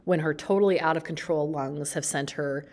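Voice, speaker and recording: Librarian presenting book talks: low-pitched woman, friendly and explanatory, pauses as she goes. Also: a little mellow.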